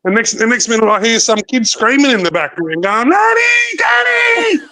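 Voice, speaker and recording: A man's voice: sits high, crowd noise. A man in a casual live chat, telling stories animatedly with a lot of swearing. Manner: rapid storyteller, swears, animated.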